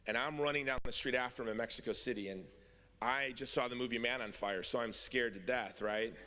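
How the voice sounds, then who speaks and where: Speaking fairly quickly in a mid-range voice that sounds pushed and bright, a man tells self-deprecating stories in a convention speech. The hall adds a long reverb.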